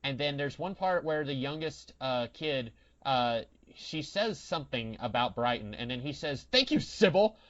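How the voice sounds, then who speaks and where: A man's voice: medium pitch, normal speed, fairly bright tone. Podcast co-host, male, mid-range voice, dry wry rambling delivery, muffled recording. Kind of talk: casual chat. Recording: dull lo-fi sound.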